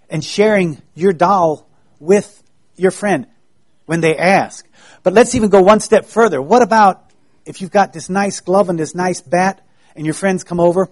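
A man giving a children's sermon, in a gentle, folksy way that keeps asking the children questions. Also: high-pitched.

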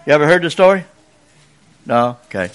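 A man's voice: fairly high pitch, big pitch swings, brisk, clear, resonant tone. A man closing a church service by telling the children a chatty, folksy story and asking the congregation questions.

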